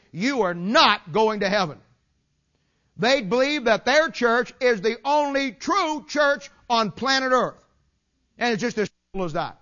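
Emphatic folksy preacher, lo-fi sermon tape. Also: male voice, high-pitched, fairly bright tone. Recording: dull lo-fi sermon recording.

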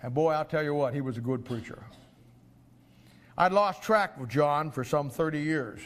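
An older man preaching a sermon, swinging from quiet storytelling to loud shouted climaxes. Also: normal speed. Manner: rises to shouting climaxes, drops low for storytelling.

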